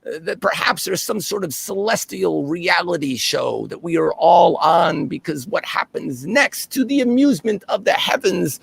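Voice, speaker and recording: A man performing an earnest, reflective personal storytelling monologue with dramatic swings in pitch and loudness. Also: vocal fry, husky.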